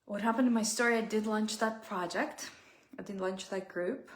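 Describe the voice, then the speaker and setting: A woman giving a reflective personal talk as a self-help speaker, heartfelt and often pausing to search for words. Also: mid-range voice, echoey room.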